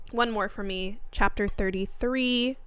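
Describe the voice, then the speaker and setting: A young woman co-hosting a book podcast in easy, casual chat. She gushes openly and swears offhandedly, with a medium-pitched voice. The recording is dry and close, with no room sound. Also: fairly even intonation, slow, fairly bright tone, smooth, no room sound. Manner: gushing, emotional, swears casually. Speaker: podcast co-host. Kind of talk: casual chat about books.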